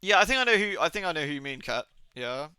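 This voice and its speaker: A young man streaming a game, chatting casually to his viewers, rambling and joking, swearing freely and slipping into quick silly impressions. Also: a little high, very animated, bright, forceful tone, clean tone, no room sound. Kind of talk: casual live-stream chat.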